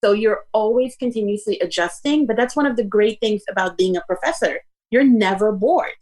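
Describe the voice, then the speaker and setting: A woman professor and guest, explaining how teaching adapts across class times in a steady way. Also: mid-range voice, brisk. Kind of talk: conversational advice.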